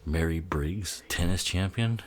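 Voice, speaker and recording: A man's voice: deep voice, unhurried. A man giving casual, profane, sarcastic commentary on a film, often laughing as he talks.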